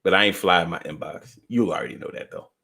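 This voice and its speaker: A man hosting a casual live stream, reading viewer comments and answering them in a playful, profane, animated way, swinging between loud outbursts and low mutters. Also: fast talker, creaky.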